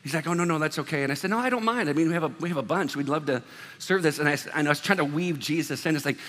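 A man's voice: on the high side, very fast, a bit bright, big-room sound. A man preaching a sermon as pastor, talking in a loose, conversational way with self-deprecating asides.

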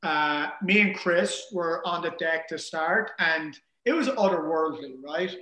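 A man casually telling a story in an animated way, acting out the things people said. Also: fairly high pitch, measured pace. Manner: animated, acts out quoted dialogue. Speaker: guest telling an ocean rowing story. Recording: roomy echo.

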